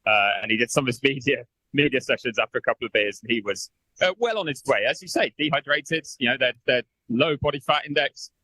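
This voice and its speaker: A man's voice: mid-range voice, quick pace, pushed and bright, no room sound, low-quality recording. A man reporting live from the pit lane for a radio show, chatty and hesitant, with many fillers.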